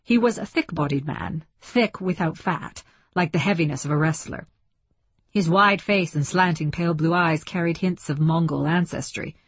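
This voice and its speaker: A woman narrating a novel in an even, descriptive audiobook reading. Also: deep voice, moderate pace, slightly rough, no room sound.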